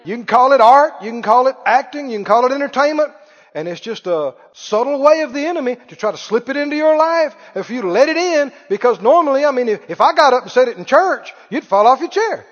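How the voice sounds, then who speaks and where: A man preaching a sermon in a church hall, animated and emphatic, with sharp swings in loudness. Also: extremely high pitch, fairly quick. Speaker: pastor. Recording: dull audio with long hall reverb.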